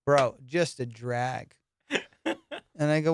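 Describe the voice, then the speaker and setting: Comic host, slightly high, smooth voice, dry close mic, profane storyteller. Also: male voice, slow pace, pauses often, dry recording. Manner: animated, profane, laughs through his stories. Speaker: comedian host. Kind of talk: casual podcast storytelling.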